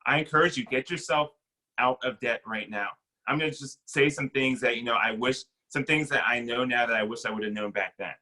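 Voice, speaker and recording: A young adult man giving a casual, conversational sermon as a pastor, acting out quick bits of dialogue. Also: medium pitch, bright, forceful tone, low-quality recording.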